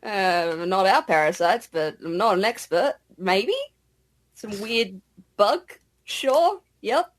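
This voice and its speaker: A woman plays in a tabletop game, chatting casually and giggling now and then. Her pitch bounces around a lot as she speaks. She talks at an unhurried pace. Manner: lively, giggly, hesitant. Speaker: player.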